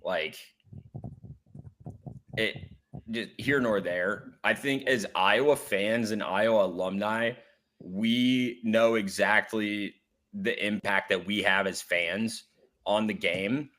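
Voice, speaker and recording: A man's voice: lowish voice, slow, a bit bright. A man co-hosting a casual sports podcast, earnest and rambling with many fillers. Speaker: podcast co-host.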